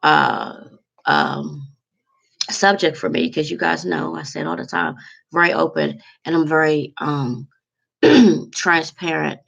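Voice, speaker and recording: A woman vlogger in a candid, heartfelt to-camera monologue, halting with many fillers and close to tears. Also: sits low, fairly even intonation, gravelly, fairly bright tone, husky.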